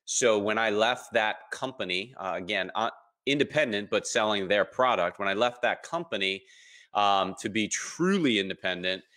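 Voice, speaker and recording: Bright-voiced man telling a story. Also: fairly low pitch, normal speed. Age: 30s. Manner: animated storyteller, acts out quoted voices, many ums. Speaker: podcast guest. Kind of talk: casual storytelling interview.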